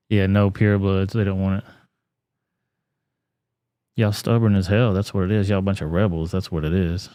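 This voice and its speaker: A man's voice: on the low side, warm tone, no echo. A man hosting a live stream and commenting on clips in a blunt, profane, laid-back way.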